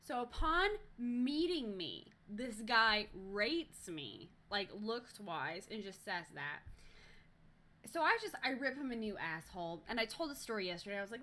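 A young woman live-streaming, telling a story in a casual, animated way, swearing often and restarting sentences. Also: medium pitch, a little slow. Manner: animated, profane, lots of fillers and restarts.

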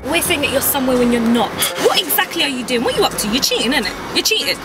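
A woman's voice: sits high, sing-song, very fast. A young woman playing a nagging, accusing girlfriend in a comedy sketch. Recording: loud music behind.

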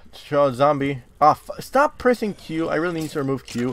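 A young man hosting a gaming video, chatting casually and often swearing and yelling when startled, recording in a dark closet. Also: on the high side, sing-song, normal speed. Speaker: gaming channel host. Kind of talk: casual game commentary.

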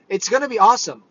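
Guy preaching casual and earnest, kinda rambly, bright tense voice, dull lo-fi sound. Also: high voice, breathy edge. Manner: earnest, conversational, rambling with fillers. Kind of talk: informal sermon. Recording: dull lo-fi audio.

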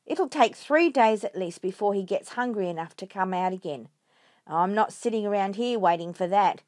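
A woman's voice: medium pitch, lively intonation, normal speed, a little mellow, no echo, clean studio sound, lightly acted. Woman reading as a blunt, impatient farmer. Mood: gruff. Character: impatient grumbling male farmer.

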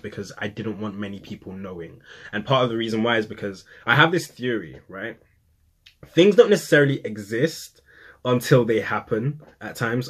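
A young man, a poet and vlogger, telling a personal story in casual talk to camera, acting out quotes with sudden high, excited bursts.

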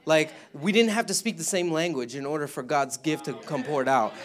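A man with a fairly high-pitched voice, speaking at a moderate pace, gives a rambling testimony at a church service as a member of a mission trip. He laughs often and keeps restarting his sentences.

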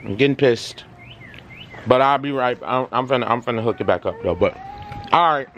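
Chatty dad vlogging in a windy yard. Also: male voice, medium pitch, moderate pace, fairly bright tone. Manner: loose, chatty, addresses viewers as y'all, cheers kids on. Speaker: father and vlog host. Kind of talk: casual family vlog chat. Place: windy backyard outdoors. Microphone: handheld phone. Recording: windy outdoor phone recording.

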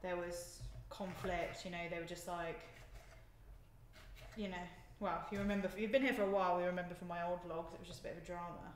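A woman's voice: on the low side, fairly even intonation, brisk. A young woman chatting to viewers during a live stream as she cooks in her home kitchen, often laughing. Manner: chatty, giggly, talks to viewers while moving around the kitchen. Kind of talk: casual live-stream chat while cooking. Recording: echoey kitchen, faint noise.

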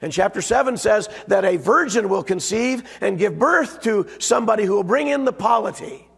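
A man preaching a sermon in a hoarse, raspy voice. He talks in a folksy, emphatic way and punches his key words. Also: high-pitched, animated, normal speed, fairly bright tone. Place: church sanctuary. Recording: long reverb of a church sanctuary.

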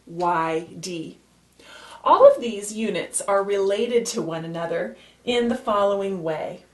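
A woman gives a math lesson for young children, moving at a slow, deliberate pace. She patiently spells out letters one by one and circles back to repeat the key points. Her voice carries a noticeable echo, as if recorded in a bare room. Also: medium pitch. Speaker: math teacher. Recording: echoey room.

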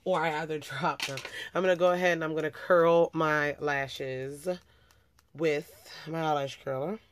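A woman's voice: deep voice, fairly even intonation, unhurried, no room sound. A young woman chatting casually through a makeup tutorial, talking as she works and often correcting herself. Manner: chatty, talks while working, frequent self-corrections. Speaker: beauty vlogger.

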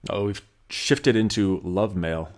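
A man with a somewhat low voice hosting a casual vlog, trading joking, sarcastic asides. Faint music plays under his talk. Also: takes it slowly, a little mellow. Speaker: channel host.

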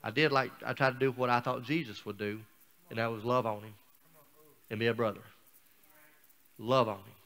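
Man, guest preacher, folksy sermon storytelling, smooth resonant voice. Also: mid-range voice, fairly even intonation, normal speed, pauses often, a bit bright. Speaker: guest speaker.

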